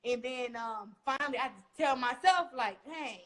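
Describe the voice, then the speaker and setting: A young woman from Flint speaks in a relaxed interview, her voice sitting a little high. She tells stories with energy and acts out what other people said. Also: normal speed. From Flint, Michigan, USA. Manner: animated storytelling, acting out quotes. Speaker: guest boxer. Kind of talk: casual interview talk.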